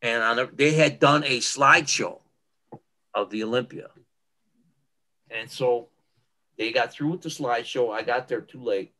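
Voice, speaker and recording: An older man, a guest on a podcast, telling stories in a casual interview. He is animated and emphatic, and he often repeats himself for effect. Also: medium pitch, measured pace, pauses often, poor audio. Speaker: guest, retired bodybuilder. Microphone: podcast microphone.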